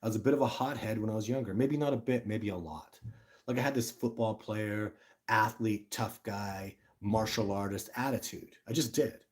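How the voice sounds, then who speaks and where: Energetic man livestreaming, slightly low voice. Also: moderate pace. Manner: energetic, rambling, self-interrupting. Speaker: livestream host, Sasquatch researcher. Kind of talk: casual livestream talk to viewers. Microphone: phone camera.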